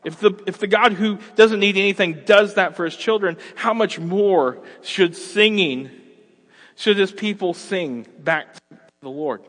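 A man in his thirties preaching a sermon as a pastor, conversational and animated, acting out everyday scenes. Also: sits high, a little slow, in a large hall.

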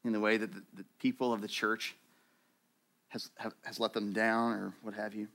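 Animated bright-voiced man preaching. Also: fairly low pitch, normal speed. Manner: conversational, animated, acts out quoted voices. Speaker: pastor. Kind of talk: sermon.

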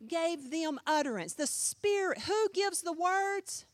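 A middle-aged woman pastor preaches in a high, dry, close-miked voice. She fires rhetorical questions and swings from loud emphasis to hushed asides. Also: expressive, takes it slowly, no room sound. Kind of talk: sermon.

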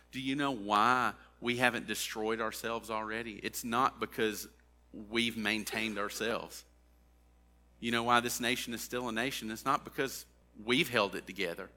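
A man preaching a sermon. He reads scripture aloud and then applies it earnestly, his voice swelling on key phrases and dropping low and quiet for emphasis. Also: steady tone, moderate pace. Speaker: pastor.

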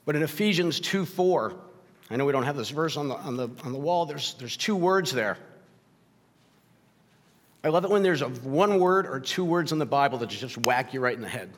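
Lively intonation marks this slightly high male voice, speaking at normal speed as a pastor gives a sermon in an echoing church sanctuary with long reverb. He preaches conversationally, often saying "right?", and turns emotional, getting choked up and laughing.

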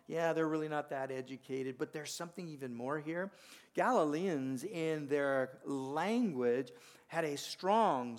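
A man, a pastor, preaching a sermon in an earnest way, often rising in force and then dropping to a quiet close. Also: fairly high pitch.

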